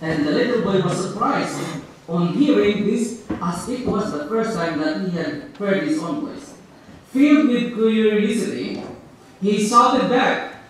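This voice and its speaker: A Filipino pastor from Ilocos Norte, Philippines, with a Filipino accent, preaches at a church in Canada, telling a story and posing questions to his congregation. His high voice is measured in pace, captured by a distant mic in an echoey hall with slight hiss or hum.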